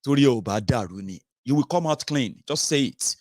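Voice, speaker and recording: A man's voice: medium pitch, lively intonation, brisk, a little mellow, dry recording, studio quality. A Nigerian man giving an impassioned commentary monologue, emphatic and rhetorical, with many filler sounds. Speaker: political commentary host.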